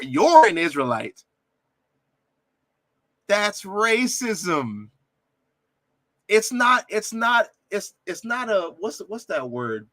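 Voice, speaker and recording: A man with a high, very lively voice talks in quick indignant bursts, breaking into laughter and tripping over his restarts. His tone is bright and sharp. The recording is dry and close, with no room sound. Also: no room sound. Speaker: reaction video host. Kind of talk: animated commentary on a debate clip.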